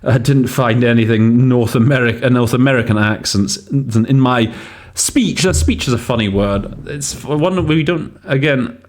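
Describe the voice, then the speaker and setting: A man's voice: mid-range voice, moderate pace. A man hosting a podcast on interpreting, explaining word choices casually and thinking aloud with frequent hesitations. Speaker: host and interpreting teacher. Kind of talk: casual teaching podcast commentary.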